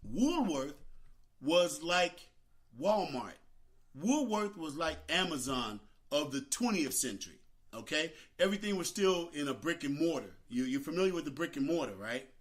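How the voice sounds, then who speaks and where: An older man hosting a talk show, telling a childhood story with dramatic, animated delivery. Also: on the high side, normal speed. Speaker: host.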